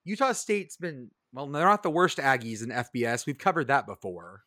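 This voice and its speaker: A man's voice: medium pitch, expressive, normal speed, sharp tone, no echo, studio quality. A man co-hosting a casual sports podcast, talking in a sardonic, rambling way and swearing freely. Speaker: podcast co-host.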